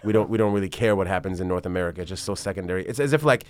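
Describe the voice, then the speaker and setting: Low smooth guy in his 30s, agent, rambly swear-y story chat, dry sound. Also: very fast, no echo. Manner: rambling, profane, animated storytelling. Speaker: basketball agent guest. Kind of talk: casual interview chat.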